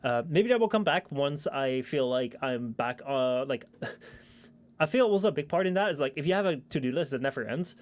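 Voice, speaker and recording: A man's voice: mid-range voice, animated, normal speed. A young man chatting casually on his stream, rambling with lots of fillers and casual swearing, into a shotgun mic at his home desk. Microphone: shotgun microphone at a streaming desk.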